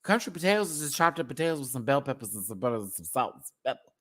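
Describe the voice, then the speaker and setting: A man hosting a casual livestream, talking straight to his chat in a sassy, animated way with big jumps in pitch. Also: rapid-fire. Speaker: live stream host.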